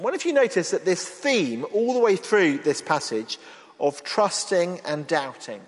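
A man preaching a sermon in an earnest, expressive way, acting out the lines he quotes. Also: a little high, normal speed. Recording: long reverb of a large hall.

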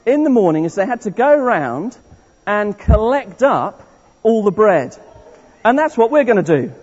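A man's voice: sits high, husky. A man leading an interactive all-age church service, playful and encouraging as he walks the congregation through a story. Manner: playful, encouraging, restarts often. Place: large church hall. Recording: dull echoey church recording from afar.

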